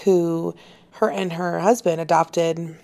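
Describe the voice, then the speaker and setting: A woman being interviewed about her work, telling stories in an earnest, heartfelt way. Her voice sits fairly low, with a gravelly fry running through it. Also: little pitch movement, slow, a little mellow. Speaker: actress and author, interview guest. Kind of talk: casual interview conversation.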